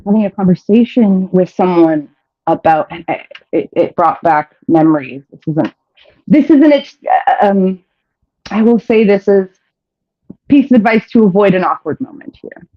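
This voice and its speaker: Speaking at normal speed in a mid-range voice, the host of a sex advice show shares a candid story casually, frequently breaking into laughter mid-sentence and starting phrases over. The recording is dull and muffled.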